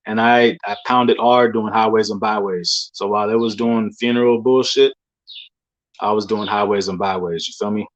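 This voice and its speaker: A man's voice: fairly low pitch, fairly even intonation, normal speed. A young man in a loose, rambling monologue full of slang and fillers, recounting religious dreams. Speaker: believer sharing dreams. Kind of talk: casual testimony monologue.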